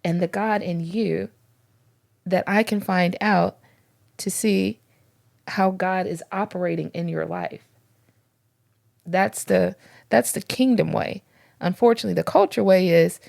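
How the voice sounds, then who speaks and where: A middle-aged woman with a gravelly edge co-hosts a faith podcast. She tells stories in a casual way and acts out each exchange with lively voices. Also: fairly low pitch, measured pace, long pauses. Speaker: podcast co-host, former pastor's wife.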